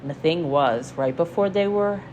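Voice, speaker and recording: A young woman with a low voice gossips casually, swearing freely and circling back with fillers and restarts. Her delivery is loose and conversational, like a commentary vlog. Faint background noise sits under her voice. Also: normal speed, a little mellow, muffled recording. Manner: chatty, profane, frequent fillers and restarts. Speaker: commentary vlogger.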